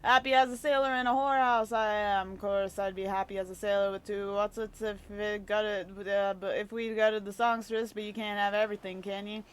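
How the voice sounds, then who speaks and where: A woman voicing a rough-talking male sailor type, reading game dialogue aloud in a drawling voice. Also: mid-range voice, fairly even intonation, brisk, hardly any pauses, natural voice. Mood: gruff.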